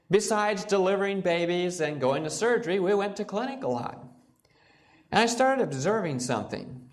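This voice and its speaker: A man lectures on health as a physician, with a slightly raised voice. He tells stories in an animated way and acts out what his patients said. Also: fairly high pitch.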